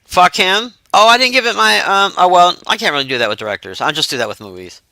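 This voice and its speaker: Bright, high-voiced man chatting on stream. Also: fast talker, dry recording. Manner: profane, animated, mock-outraged. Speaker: live-stream host. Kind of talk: casual live-stream chat.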